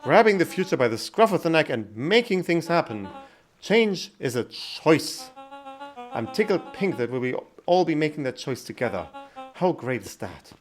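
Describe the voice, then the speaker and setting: A man voicing a smooth-talking middle-aged male villain businessman with a grandiose showman's cadence. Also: fairly high pitch, very animated, moderate pace, faint music behind, voice pushed up. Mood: salesy.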